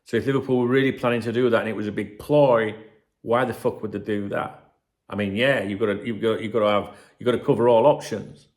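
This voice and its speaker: A man's voice: lowish voice, fairly even intonation, quick pace. A man hosting a football channel, ranting and rambling in casual, sweary banter.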